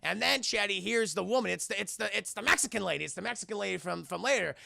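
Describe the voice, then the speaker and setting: A man recapping a film casually to his stream chat, animated and profane, often repeating himself. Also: sits high, fast talker, creaky, dry recording, clean studio sound.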